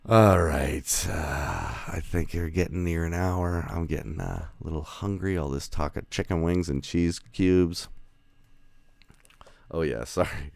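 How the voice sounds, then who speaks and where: A man's voice: low-pitched, slow pace, creaky, long pauses, a little mellow, dry recording. A man hosting a podcast, chatting casually with remote guests over an audio call, rambling and correcting himself as he goes. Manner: rambling, self-correcting, laughs often. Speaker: podcast host.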